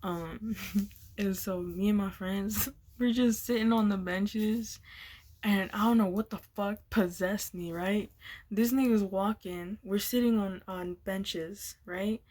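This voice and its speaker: A woman's voice: mid-range voice, a little mellow. A young woman vlogger telling a casual storytime, laughing often and swearing as she rambles. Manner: giggly, swears a lot, loose and rambling.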